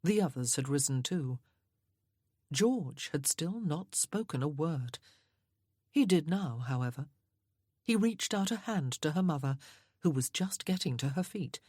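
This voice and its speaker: A woman narrating an audiobook in a measured, even way. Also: low-pitched, breathy edge, no room sound, studio quality.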